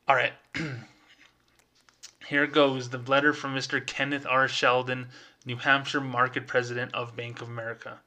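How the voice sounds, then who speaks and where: A man hosting a podcast, ranting casually and fast, with lots of filler words. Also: medium pitch, fairly even intonation, pushed and bright. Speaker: podcast host.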